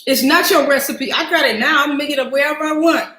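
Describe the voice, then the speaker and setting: A woman's voice: high-pitched, quick pace, bright, forceful tone, roomy sound. A woman hosting a casual live cooking stream, chatty and self-mocking as she talks to her viewers from a home kitchen. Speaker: cooking show host.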